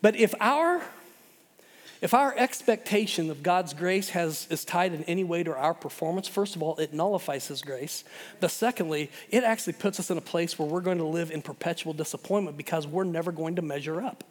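A middle-aged man preaching a sermon in an animated way, often repeating words and restarting. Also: fairly high pitch, brisk. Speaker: pastor. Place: church hall. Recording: long hall reverb.

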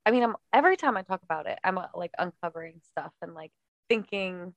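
A woman's voice: lowish voice, animated, fast talker, no room sound, dull audio. Chatty woman, dry close sound. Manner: chatty, laughs often, self-deprecating. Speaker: podcast co-host, younger sister. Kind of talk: casual conversation.

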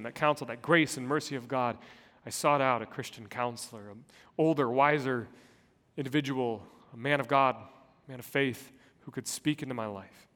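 A man in his thirties, a pastor preaching a sermon, telling a personal story in an earnest way and moving between soft and loud passages. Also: medium pitch. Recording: long hall reverb.

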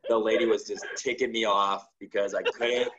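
Talk-show guest, male, lower voice, lively story delivery, dull recording. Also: moderate pace, a little hiss or hum. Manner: acts out quoted dialogue with lots of "like". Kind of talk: animated storytelling.

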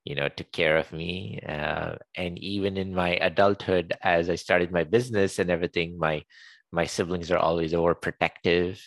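Deep voiced guy in his 40s, chatty and laughing a lot, dry close sound. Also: flat delivery, normal speed, creaky, dry recording. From Saudi Arabia. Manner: chatty, laughs often, hesitant fillers. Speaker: guest, company CEO. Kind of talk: casual interview storytelling.

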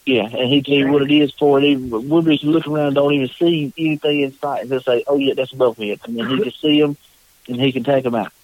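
A man from North Carolina, a podcast guest telling a story in a casual, animated way and raising his voice for the quotes. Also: mid-range voice, fast, dry recording, narrow, tinny audio. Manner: animated, acts out quotes in a raised voice.

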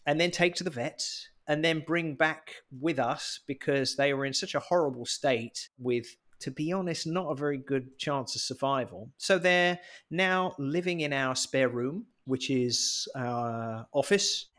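A man's voice: mid-range voice, a little slow, hardly any pauses, a bit bright. A man talking casually as a podcast co-host. He tells stories in a chatty, joking way and pokes fun at himself. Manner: chatty storyteller, jokey and self-mocking. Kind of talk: casual chat.

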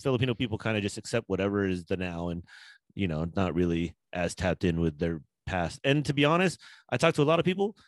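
A man with a fairly low voice talks loosely on a podcast. He rambles, swears and jumps into quoted asides. The sound is close and dry, with no room to it. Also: expressive, fast talker, no echo. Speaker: podcast co-host. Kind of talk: casual podcast chat.

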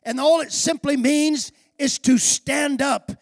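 A man with an unusually high, gravelly voice preaches a sermon as a pastor. He tells the story with voices for its characters and builds to forceful, shouted emphasis. The sound is dry and close, with no room echo. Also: fairly even intonation, takes it slowly.

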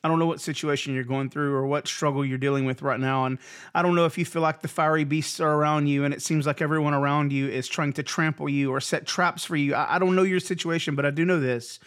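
Guy pastor doing his podcast devotional, earnest and encouraging, kinda high voice. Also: steady tone, quick pace, fairly bright tone, clear, resonant tone. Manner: earnest, encouraging, repeats phrases for emphasis. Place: Houston area.

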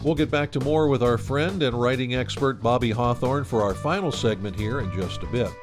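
A man's voice: medium pitch, brisk. A male podcast host with a mid-range voice wraps up a segment and makes announcements to listeners. He keeps a friendly, promotional tone. Faint music plays under his voice.

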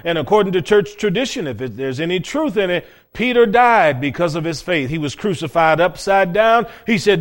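A man preaching a folksy, plain-spoken sermon with storytelling, swinging between loud and hushed passages. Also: sits high, expressive, a little fast.

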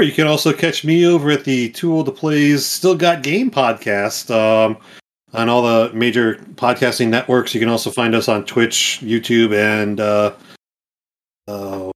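A man's voice: mid-range voice, moderate pace. A man from Long Island, a guest on a gaming podcast, talking casually with easy laughs. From Long Island, USA.

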